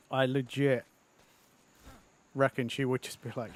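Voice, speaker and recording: A man's voice: medium pitch, flat delivery, slow pace, long pauses. A man, chatting casually on a game stream, rambling and self-mocking with frequent swearing and laughter. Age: 30s. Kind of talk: casual live-stream chat.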